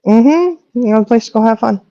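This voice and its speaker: A middle-aged woman, chatting on a livestream and telling stories with animated quoting. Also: on the high side, a little fast, no echo. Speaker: co-host. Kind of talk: casual chat on a livestream. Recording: dull lo-fi audio.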